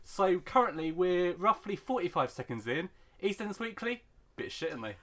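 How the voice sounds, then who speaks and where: A man's voice: sits high, big pitch swings, pushed and bright. Sarcastic man hosting a podcast. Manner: brisk, mock-serious, sarcastic. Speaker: podcast host. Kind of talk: casual podcast chat.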